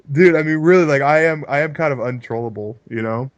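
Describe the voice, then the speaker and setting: A man's voice: fairly high pitch, normal speed, lo-fi sound. Laid-back rambling podcast man. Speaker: podcast co-host. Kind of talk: casual profane chat.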